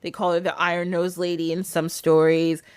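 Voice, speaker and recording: A woman's voice: lowish voice, level tone, moderate pace, darkish tone, clear, resonant tone, no room sound. A woman casually retelling a folktale on a podcast, chatty and laughing often. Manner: chatty, laughing, filler 'like'. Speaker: podcast storyteller.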